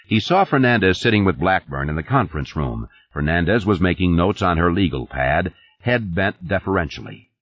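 A man narrating an audiobook in a measured, expressive way. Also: deep voice, slightly rough, no echo. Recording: dull lo-fi audio.

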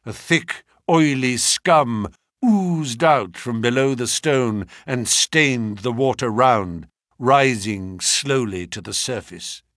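A man giving a scripted narration of a classic detective story, telling it in the first person in an expressive, dramatic way. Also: medium pitch, slow pace, no echo, clean studio sound. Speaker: audiobook reader.

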